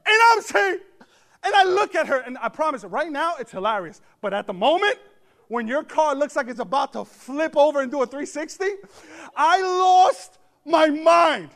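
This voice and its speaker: Pastor guy with a really high voice cracking jokes in his sermon, gets shouty. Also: normal speed, gravelly. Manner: animated, joking asides, bursts of shouting. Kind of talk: humorous storytelling sermon. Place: church service before a congregation.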